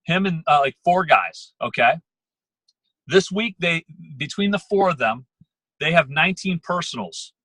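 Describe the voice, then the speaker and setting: A man giving a motivational talk to a sales team on a call, emphatic and quick, repeating words as he pushes his point. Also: on the high side, expressive, a bit bright, no room sound, poor audio. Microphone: phone or computer call.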